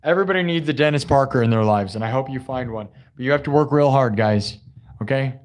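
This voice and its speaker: Sore-throated from hours of yelling, a young streamer fires off effusive thanks to his viewers, veering from loud hype into quiet asides. He's a fast talker with a mid-range voice.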